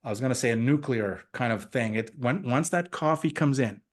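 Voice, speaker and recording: A man giving an energetic, motivational sales talk on a team call. He often repeats himself and acts out quoted conversations. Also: medium pitch, brisk. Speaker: guest speaker on a team call. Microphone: call audio.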